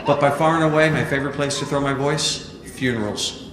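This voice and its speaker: A man's voice: mid-range voice, brisk, heavy background noise. A man performing a stand-up ventriloquism act on stage, playful and jokey, chatting with a volunteer from the audience. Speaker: ventriloquist comedian. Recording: roomy live venue with crowd.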